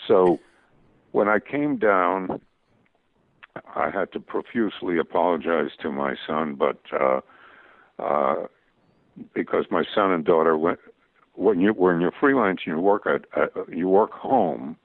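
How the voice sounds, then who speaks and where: Older male interview guest, halting and anecdotal, dry low-fi audio. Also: creaky, no room sound. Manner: halting, full of restarts and fillers. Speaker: guest cartoonist. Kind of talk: interview storytelling. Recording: tinny phone-like radio audio.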